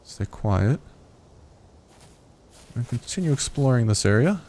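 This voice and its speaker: A man's voice: mid-range voice, sing-song, unhurried, darkish tone. A man casually narrating his own gameplay, talking in a chatty, rambling way full of "like". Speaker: gameplay video host.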